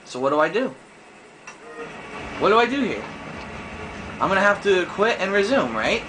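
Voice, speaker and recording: A man's voice: sits high, big pitch swings, moderate pace, background noise. A young man giving frustrated, swear-heavy commentary while playing a video game. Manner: cursing, exasperated, thinks aloud. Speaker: gamer.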